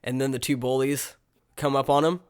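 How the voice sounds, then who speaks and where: A man co-hosting a casual movie review podcast, retelling scenes in an animated way and filling his talk with "like.". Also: medium pitch, a little fast, clear, resonant tone. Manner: animated retelling, heavy use of "like". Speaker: podcast co-host.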